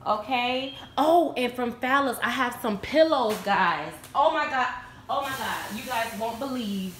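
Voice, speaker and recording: Excitable chatty woman in an echoey room. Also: fairly high pitch, measured pace, slight background noise. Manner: excitable and chatty, addressing viewers as y'all. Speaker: vlogger showing a shopping haul. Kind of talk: casual chat to camera. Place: room at home.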